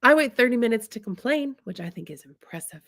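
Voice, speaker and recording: With a rather high, slightly bright voice, she talks a little fast and uses lively intonation. She's an adult, married woman from the Midwest sharing a humorous personal anecdote in a chatty, comic way, with frequent "y'all"s aimed at her listeners.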